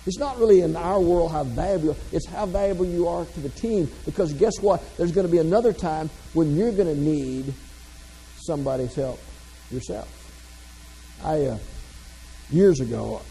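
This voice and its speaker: Gravelly man telling folksy stories. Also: on the high side, warm tone, big-room sound, a little hiss or hum, low-quality recording. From American South. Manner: folksy, self-deprecating humor. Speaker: motivational speaker. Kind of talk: humorous keynote storytelling.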